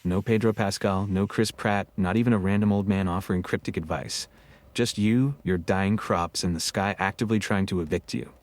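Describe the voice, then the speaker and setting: A man with a very low, deep voice narrates history on a scripted podcast. He tells it in a wry, joking way and keeps a casual, storytelling tone. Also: steady tone, moderate pace. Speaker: co-host.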